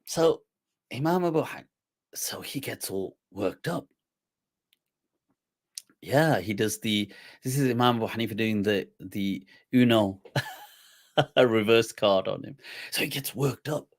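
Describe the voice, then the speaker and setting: Sex: man. Role: scholar and show host. Style: storytelling talk. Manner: animated, laughing asides. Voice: husky. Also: on the low side, a little slow, long pauses.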